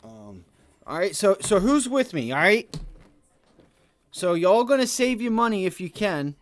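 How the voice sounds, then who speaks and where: A man hosting a live day trading stream, giving loose, slangy market commentary that swells into loud rants. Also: high-pitched, very animated, unhurried. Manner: casual slangy talk that rises to loud rants. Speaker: day trading livestream host.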